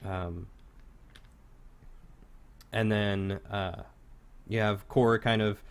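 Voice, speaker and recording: Brief: male game master, fairly low voice, loose unhurried scene narration. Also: steady tone, smooth. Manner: halting, loose descriptive narration.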